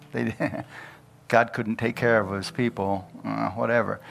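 A man's voice: lowish voice, little pitch movement, measured pace, vocal fry. A man preaching a sermon, folksy and chatty, laughing often and acting out Bible figures in a homely voice. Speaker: pastor.

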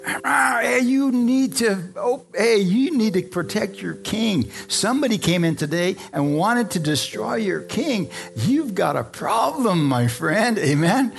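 A man preaching who puts on a high, shouting voice for a man taunting someone across a camp. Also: big pitch swings, unhurried, few pauses.

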